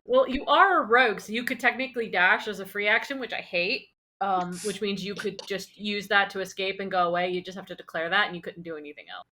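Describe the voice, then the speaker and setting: A woman's voice: medium pitch, quick pace, hardly any pauses, pushed and bright, slight background noise. A woman running a tabletop game as game master, playful as she explains the rules.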